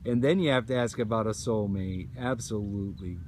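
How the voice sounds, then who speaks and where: A man's voice: on the low side, a little fast, hardly any pauses, darkish tone, a little hiss or hum. A man hosting a casual live stream outdoors at sunset, effusive and upbeat, thanking viewers by name. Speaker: livestream host. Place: outdoors at a nature preserve at sunset.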